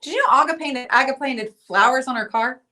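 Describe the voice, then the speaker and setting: A woman's voice: high-pitched, brisk, bright, forceful tone. A woman hosting a casual livestream, chatty and teasing as she reads viewer comments aloud. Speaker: livestream host.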